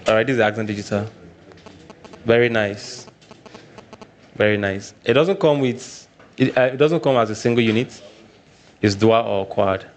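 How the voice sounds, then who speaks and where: Nigerian male presenter, lowish voice, repeats himself, casual live workshop delivery. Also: moderate pace, pauses often, a little hiss or hum. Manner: repeats points, frequent "all right" check-ins.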